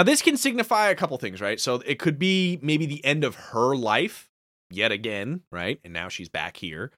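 A man co-hosting a podcast, swearing freely and retelling scenes in an excited, casual recap. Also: mid-range voice, no echo, studio quality. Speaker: podcast co-host.

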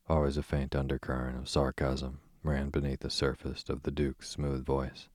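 A man reads a novel aloud as a bedtime audiobook, calm and measured. His voice is extremely deep and flat, the pace very slow, the recording close and dry. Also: no echo. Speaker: audiobook narrator.

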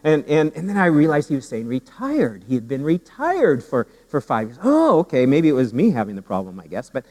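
A pastor preaching a sermon with humor and animated storytelling, often repeating his words as he goes. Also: medium pitch, brisk, hardly any pauses, big-room sound, low-quality recording. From Canada.

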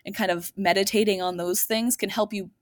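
A woman's voice: mid-range voice, steady tone, a little fast, no echo, clean studio sound. A woman co-hosting a podcast, speaking earnestly in casual conversation and laughing easily. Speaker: podcast co-host.

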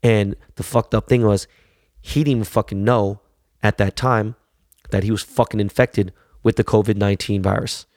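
A middle-aged man with a gravelly, fairly low voice, ranting bluntly with heavy swearing and stumbling repeats as he gets heated. The sound is dry and close, with almost no room echo. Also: fairly even intonation, moderate pace, a little mellow. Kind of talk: profane casual rant.

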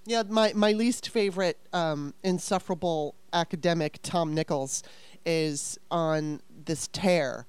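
Woman co-host, fired-up and exasperated, swears freely; smooth, dry recording. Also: lowish voice, darkish tone, dry recording. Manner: fast, exasperated venting with frequent profanity. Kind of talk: heated casual conversation.

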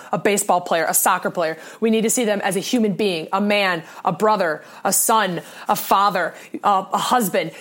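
A young woman talking earnestly in a casual monologue, often restarting her sentences. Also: mid-range voice. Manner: earnest, rambling with many restarts.

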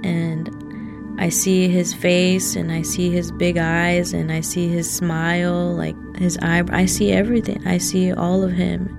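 A woman recounting a personal memory in a casual, halting way, full of "like" fillers. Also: on the low side, flat delivery, creaky, music in the background. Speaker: storyteller. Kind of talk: personal story narration.

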